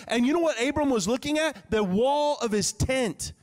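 A man's voice: extremely high pitch, normal speed. A male pastor preaching a live sermon in a church, talking conversationally and acting out prayers as quoted speech. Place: church sanctuary. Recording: live church hall reverb.

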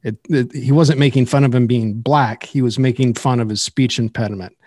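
A man's voice: mid-range voice, fairly even intonation, brisk, darkish tone, no echo, studio quality. Blunt, sarcastic male podcast host. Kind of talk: casual podcast discussion.

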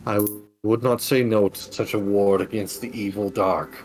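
A grieving priest speaks in grave, old-fashioned phrases, voiced by a man. His voice sits a little low and carries slowly. Faint music plays underneath. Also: steady tone, a little mellow, close to an everyday voice, low-quality recording. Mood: solemn. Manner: formal, archaic, solemn. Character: grieving priest, solemn and formal.

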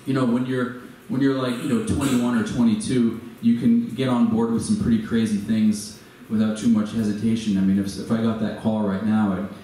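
Man, forties, storytelling talk, halting delivery full of fillers, mellow low voice, recorded far off in a very echoey hall. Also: little pitch movement. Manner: hesitant, many fillers and restarts. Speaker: guest speaker. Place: venue with a live audience.

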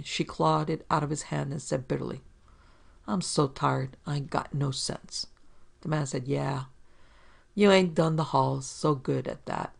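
A man narrating a hardboiled detective story at a measured, deliberate pace. His voice has a strong gravelly rasp all the way through. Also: fairly high pitch.

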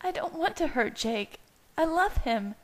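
A woman's voice: sits high, animated, measured pace, pitched above the performer's own voice, poor audio. A woman voicing a sobbing, pleading young woman. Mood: tearful. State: crying.

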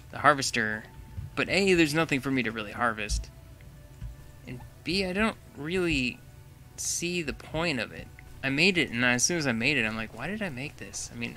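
A young man with a bright, forceful voice chats loosely over his gameplay, thinking out loud and often breaking into laughs. Faint music sits behind him. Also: medium pitch. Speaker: gaming channel host. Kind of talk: casual gameplay commentary.

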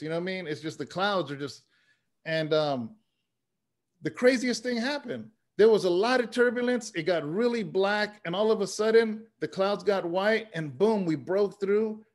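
A man with a somewhat higher voice tells long personal stories in a relaxed interview. He sounds earnest and plain, and he drops "man" and "you know" into his sentences as he builds to his point. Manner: earnest, story-driven, says "man" often. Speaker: interview guest, pastor and former rapper. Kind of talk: conversational storytelling.

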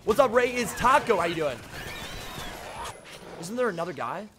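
A young man streaming a shooter game live, chatting casually with his viewers and greeting them by name, with excitable outbursts during fights. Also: high voice, normal speed, noisy background. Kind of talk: casual live-stream chat while playing.

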